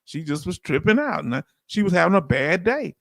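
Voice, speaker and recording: Southern male stream host, gravelly high voice, folksy and chatty, dry close sound. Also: sing-song, brisk, fairly bright tone, no room sound. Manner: loose, folksy, calls out to viewers. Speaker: livestream host. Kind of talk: casual livestream chat reading comments.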